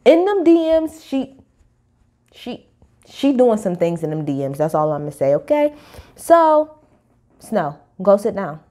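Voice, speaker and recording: A woman, giving a casual, sassy reality TV recap full of animated commentary. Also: mid-range voice, a little slow, pauses often. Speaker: TV recap host.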